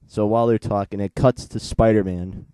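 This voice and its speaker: A man's voice: lowish voice, steady tone, normal speed, warm tone, clear, resonant tone, no room sound. A young man in his late teens, chatting casually as he reviews a comic book and retells its plot in a rambling, digressive way.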